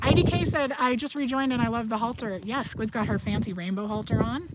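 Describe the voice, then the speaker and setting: Brief: woman host, animated storyteller, slightly high voice, noisy outdoor barn stream with animals behind. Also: brisk. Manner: chatty, animated storyteller, reads chat aloud. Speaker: host of a livestream. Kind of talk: casual livestream chat.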